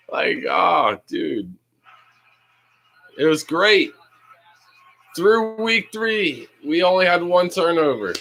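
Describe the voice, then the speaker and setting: A young man hosting a livestream, casually reacting to a live football game, reading chat aloud and yelling at big plays. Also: high-pitched, very animated, very slow, gravelly, pauses often, poor audio. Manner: casual, slangy. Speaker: livestream host.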